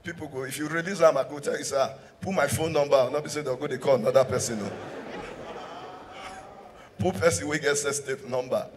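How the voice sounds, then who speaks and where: A man's voice: medium pitch, fairly even intonation, brisk, long pauses, slight background noise. A man with a Nigerian accent performing live stand-up comedy, switching between English and Pidgin and laughing at his own jokes. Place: live show venue in a hall. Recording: hall reverb from a live stage mic.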